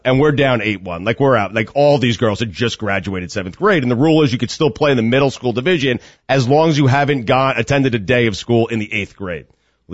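A man's voice: mid-range voice, no room sound. A man co-hosting a radio show, emotionally telling a story about coaching his daughter's team, tearing up as he talks. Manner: choked up, storytelling with rising excitement. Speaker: co-host, youth lacrosse coach. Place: radio studio. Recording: dull radio studio sound, dry.

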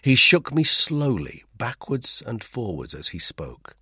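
A man narrating a first-person novel in a tense, lively way, recorded in a dry studio. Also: medium pitch, unhurried, few pauses, slightly rough, dry recording. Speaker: audiobook narrator.

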